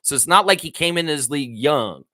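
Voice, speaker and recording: A man with a Southern US accent hosting a live-stream, ranting in a heated, profane, animated way. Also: a little high, a little fast. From American South. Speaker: show host. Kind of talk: casual live-stream commentary.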